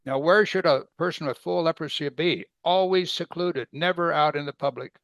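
Speaking at normal speed in a fairly high voice, a Bible teacher gives a conversational sermon full of rhetorical questions. He voices quoted speakers with sudden, loud, excited bursts. There's no room sound in the recording.

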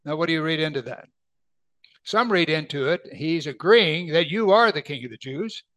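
A man preaching a verse-by-verse Bible lesson, his voice sitting a little high for a man. He reads scripture slowly and deliberately, then unpacks it in plain, emphatic speech. The sound is dry and close, with almost no room echo. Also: animated, fairly bright tone.

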